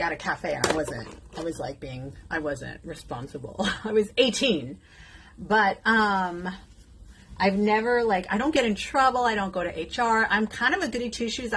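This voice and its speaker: Speaking straight to her audience as she applies makeup, this woman in her fifties is emotional, outrageous and outspoken in a casual, chatty way. She's a beauty content creator with a mid-range, fairly bright voice, and a little hiss or hum runs under the recording.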